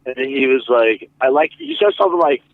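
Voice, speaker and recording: A man's voice: mid-range voice, sing-song, brisk, no room sound. A man co-hosting a podcast, casually telling a wrestling backstage story with big jumps in his voice. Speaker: podcast co-host. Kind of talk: casual chat. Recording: tinny phone-like line.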